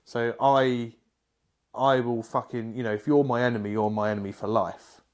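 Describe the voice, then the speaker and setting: A man's voice: mid-range voice, fairly even intonation, normal speed, darkish tone. A man co-hosting a podcast, chiming in with blunt, teasing and sweary remarks. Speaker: podcast co-host. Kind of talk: casual chat.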